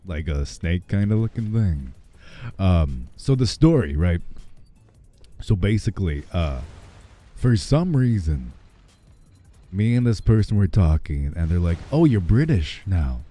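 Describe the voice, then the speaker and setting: A deep-voiced man with a slightly hoarse, raspy edge chats and jokes with his stream audience. His dark, mellow tone swings widely in pitch as he rambles, with faint music underneath. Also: lively intonation, a little slow, pauses often. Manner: rambling, joking, talks to chat. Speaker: livestreamer. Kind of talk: casual livestream chatter.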